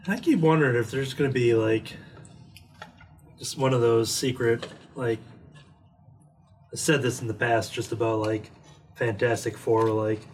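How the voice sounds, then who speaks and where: A man's voice: medium pitch, fairly even intonation, measured pace, pauses often, darkish tone. A man chatting casually about movies on a podcast, rambling with lots of "like" fillers. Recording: distant mic with faint noise.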